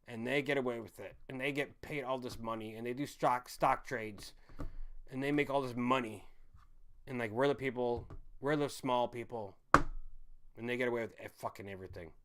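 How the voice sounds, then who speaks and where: An American man in his thirties is hosting a casual livestream, ranting angrily and cursing. He lurches between loud outbursts and low muttering.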